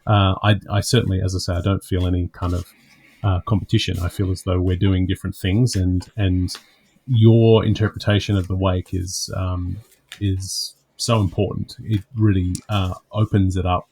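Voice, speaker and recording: A man's voice: sits low, flat delivery, moderate pace, vocal fry, darkish tone, husky. A man hosting a podcast, chatting enthusiastically with many restarts, then reading the show's outro. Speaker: podcast host. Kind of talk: casual chat and scripted outro.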